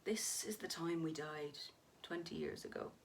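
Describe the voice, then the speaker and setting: Patient, soothing ghost husband, read by a woman, quiet and steady. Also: low voice, moderate pace, gravelly. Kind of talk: dramatic story reading.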